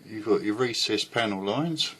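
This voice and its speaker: A man's voice: on the low side, normal speed, pushed and bright, slight background noise. A man reviewing a model kit in a chatty, rambling way at home. He is a bit out of breath, swears now and then and often loses his thread.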